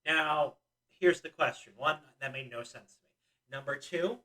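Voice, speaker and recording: A man's voice: on the high side, moderate pace, pushed and bright. A young man co-hosting a casual podcast chat, asking pointed questions and making arguments. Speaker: podcast co-host. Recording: voice a bit far from the mic.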